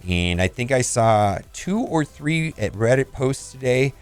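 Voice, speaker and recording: A man's voice: mid-range voice, expressive, unhurried, smooth, soft background music. A man hosting a casual game video, reviewing store offers with blunt verdicts and laughs. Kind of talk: casual commentary.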